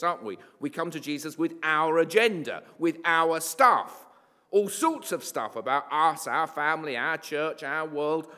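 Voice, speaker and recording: A man's voice: on the high side, pushed and bright. A man preaching a sermon in a conversational, wry way, with asides and fillers. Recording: long hall reverb.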